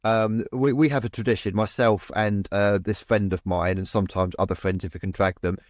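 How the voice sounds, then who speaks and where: A man's voice: lowish voice, fairly even intonation, a little fast, no room sound, clean studio sound. A man, co-host and medium, telling a story in a rambling way with many restarts and repeated words. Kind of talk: casual storytelling in a podcast chat.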